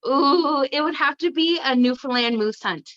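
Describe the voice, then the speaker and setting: Bright, high-voiced woman guest. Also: normal speed. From Canada. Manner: chatty, laughs often. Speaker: podcast guest. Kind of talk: casual interview chat. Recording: slightly muffled lo-fi audio.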